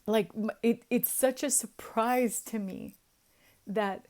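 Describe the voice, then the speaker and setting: A woman's voice: a little high, steady tone, slow, darkish tone. A young woman talking casually to her viewers in a chatty way, with many fillers and frequent laughs. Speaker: vlogger. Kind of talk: casual confessional vlog.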